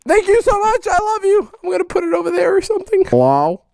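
High, excitable cussing vlogger guy. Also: fast, creaky, dry recording. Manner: excitable, loud and heavily profane. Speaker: YouTuber host. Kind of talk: casual vlog, opening fan mail.

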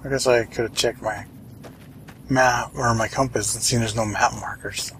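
A man's voice: medium pitch, fairly even intonation, normal speed, fairly bright tone, slight background noise, poor audio. Chatty man muttering over a video game. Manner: chatty, wry, mutters to himself, swears casually. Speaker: let's play host. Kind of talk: casual gameplay commentary.

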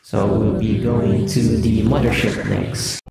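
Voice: medium pitch, little pitch movement, slow, gravelly, voice pushed down. A speaker using a voice changer filter to sound like a hive mind while explaining the app. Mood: flat. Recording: echoey with loud music behind.

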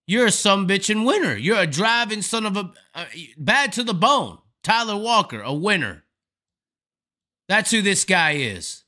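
A man's voice: sits high, sing-song, moderate pace, few pauses, sharp tone. A man hosting a live stream, delivering a profane, emphatic, rambling rant of commentary. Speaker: host.

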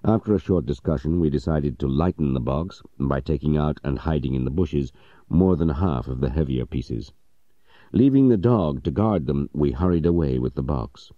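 A man narrating a story audiobook in a measured, even storytelling manner. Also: very deep voice, no echo, muffled recording.

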